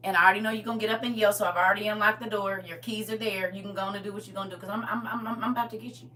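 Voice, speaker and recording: A woman giving an impassioned testimony, swinging between shouting and low intense talk with lots of emphatic repetition. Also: fairly even intonation, racing, recorded from a distance.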